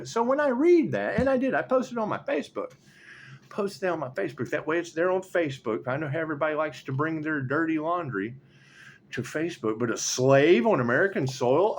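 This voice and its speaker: A man giving solo spiritual tarot commentary, excitable and repetitive, swinging from low mutters to loud exclamations and swearing casually. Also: a little fast, lo-fi sound. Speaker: tarot reader.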